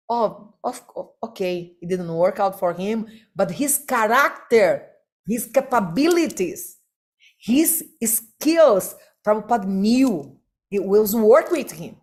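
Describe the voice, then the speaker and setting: Slow, emphatic woman giving a devotional class. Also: fairly high pitch, a little mellow. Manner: slow, emphatic, rhetorical questions, non-native phrasing. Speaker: spiritual teacher.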